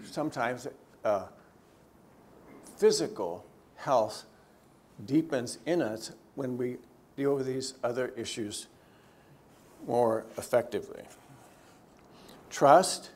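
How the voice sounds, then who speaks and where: Man giving a conversational church teaching. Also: slight background noise. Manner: conversational, swings between lifted emphasis and quiet, low asides. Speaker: theologian teaching a church session. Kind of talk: teaching talk to a church group. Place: church gathering.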